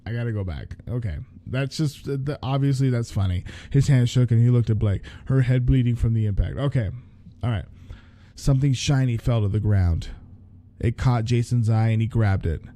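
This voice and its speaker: A man's voice: medium pitch, normal speed, dark tone, dry recording. A man hosting a podcast, reading a horror story aloud, often stopping to restart lines and comment on the text. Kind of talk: story reading with casual asides.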